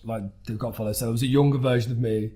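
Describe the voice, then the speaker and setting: A young man with a middle-pitched voice, talking loosely on a podcast. He wanders through his stories, restarting sentences and filling gaps with "like". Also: fairly even intonation, fast, mellow. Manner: loose, rambling, full of "like" and restarts. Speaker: podcast co-host. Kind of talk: casual chat.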